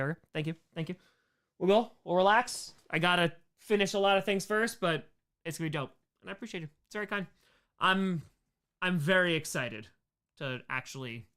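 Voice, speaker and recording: A man's voice: on the high side, sharp tone, smooth. A man hosting a casual livestream Q&A, rambling and joking as he reads out and answers chat. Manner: rambling, jokey, answers chat names aloud. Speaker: streamer host answering chat.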